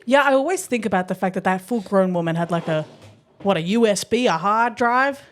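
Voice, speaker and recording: A young woman co-hosting a podcast in casual chat, protesting loudly and giggling often. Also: mid-range voice, expressive, brisk. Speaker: podcast co-host.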